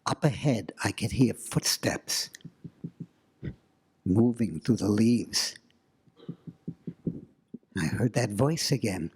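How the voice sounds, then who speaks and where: A man telling a spooky story live, slow and dramatic with suspenseful pauses. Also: lowish voice, a little mellow, breathy edge.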